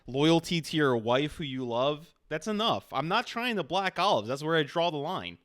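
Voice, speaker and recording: A man's voice: on the high side, big pitch swings, a bit bright, no room sound, clean studio sound. A man streaming a casual chat with an AI character, teasing and playful. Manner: teasing, playful, quick to laugh.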